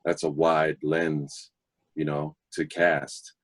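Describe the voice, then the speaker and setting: A middle-aged man, a guest DJ, telling stories casually, animated and confident, laughing often. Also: extremely low pitch, slow, dry recording. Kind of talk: casual storytelling.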